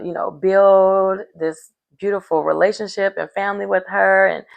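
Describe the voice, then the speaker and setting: A woman's voice: mid-range voice, creaky. A woman recapping a reality show in a rambling, chatty way, full of fillers. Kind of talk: casual recap chat.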